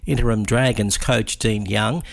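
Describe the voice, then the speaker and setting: A man reading a radio news bulletin in a steady, measured way. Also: on the low side, vocal fry. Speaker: newsreader.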